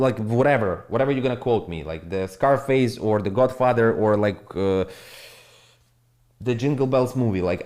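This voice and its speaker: Blunt, profane crypto streamer. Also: male voice, medium pitch, moderate pace, a little mellow. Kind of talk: casual live-stream monologue.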